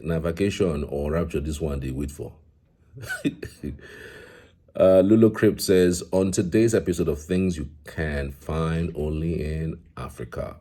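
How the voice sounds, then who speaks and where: Very deep husky man chatting. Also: mellow. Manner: reads comments aloud and laughs along. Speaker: commentator reading social media reactions. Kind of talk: casual online commentary.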